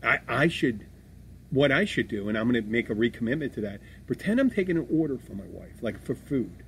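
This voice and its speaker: A man's voice: medium pitch, lively intonation, a little fast, a bit bright. A middle-aged man hosting a casual podcast about bar work, talking in a rambling, profane way with many restarts. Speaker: podcast host, bartender. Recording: faint background noise.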